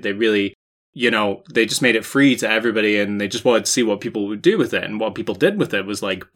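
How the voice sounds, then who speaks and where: A man's voice: lowish voice, a bit bright. Joking young man co-hosting a chat. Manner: joking, playful. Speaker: podcast co-host. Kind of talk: casual chat.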